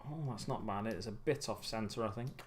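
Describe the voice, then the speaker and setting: A man hosting a relaxed hobby livestream, talking while he builds miniatures in a rambling, musing way with many pauses and self-corrections. He sounds a little tired. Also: lowish voice, slight background noise. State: getting tired.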